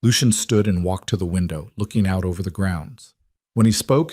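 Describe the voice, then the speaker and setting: A man narrating a scripted romance story in an even, steady manner. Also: low-pitched, moderate pace, dry recording, clean studio sound.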